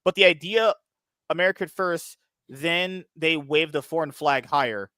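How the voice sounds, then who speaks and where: A man hosting a podcast in a casual chat, animated and quick to react. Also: a little high, dry recording. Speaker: podcast host.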